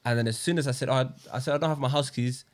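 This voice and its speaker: Quick-talking young man, mid voice. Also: mid-range voice, fairly even intonation. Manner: earnest, slang-filled, says wallahi often. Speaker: podcast co-host. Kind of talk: casual chat, personal story.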